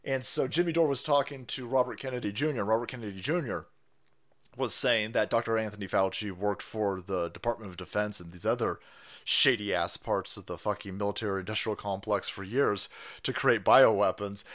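Speaking at a moderate clip in a mid-range voice, this male streamer rants animatedly, full of profanity and mocking sarcasm.

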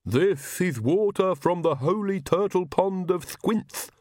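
A man's voice: high voice, takes it slowly, darkish tone, no room sound, studio quality, pitched above the performer's own voice. A man voicing a male servant who speaks in a mock-solemn tone. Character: gleeful hidden male servant calling from above.

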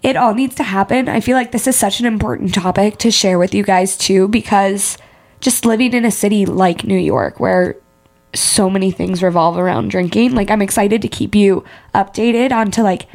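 A woman's voice: mid-range voice, normal speed, darkish tone. A woman in her twenties co-hosting a podcast in candid, casual chat, full of fillers and sounding congested. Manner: open and candid, many "like" fillers. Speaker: podcast co-host.

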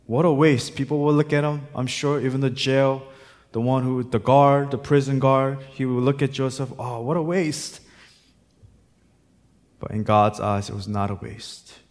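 A male pastor preaching a sermon, moving between quiet, reflective passages and loud, impassioned exhortation. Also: medium pitch, steady tone, moderate pace, long reverb tail.

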